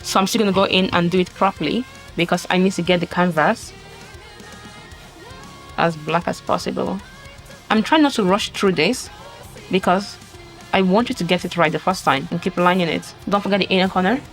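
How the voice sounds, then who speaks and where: Woman, lowish voice, casual makeup tutorial, chatty, apologetic, faint background music. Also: normal speed, long pauses. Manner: chatty, apologetic, talks while working. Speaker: beauty vlogger. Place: home, filming herself at a mirror.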